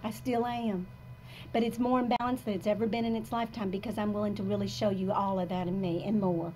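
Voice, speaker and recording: A woman of about sixty giving a live motivational talk to an audience in a coffee shop, emphatic and confessional, swinging between soft and loud. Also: medium pitch, slight background noise. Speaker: motivational speaker.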